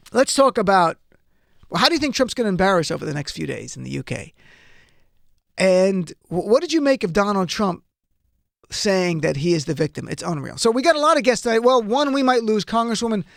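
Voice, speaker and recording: Indignant high-voiced talk radio host. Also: male voice, vocal fry, no room sound, clean studio sound. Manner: indignant, rising to outraged rants. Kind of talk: political talk radio monologue.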